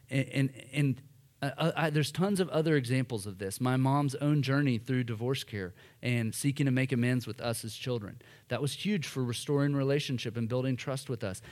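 A man in his thirties preaching in church, telling a self-deprecating story in a casual, animated way. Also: mid-range voice. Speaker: pastor. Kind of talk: sermon with personal story. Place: church hall.

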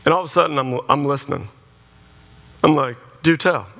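A middle-aged man, preaching to a congregation in an animated, joking storytelling style and acting out conversations. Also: mid-range voice, brisk. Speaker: pastor. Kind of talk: humorous sermon storytelling. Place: church before a live audience.

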